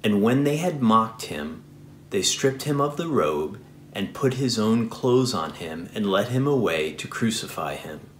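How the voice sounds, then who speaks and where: A man reading scripture aloud in a church, steady and measured. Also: on the low side, roomy sound, slight background noise. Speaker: scripture reader.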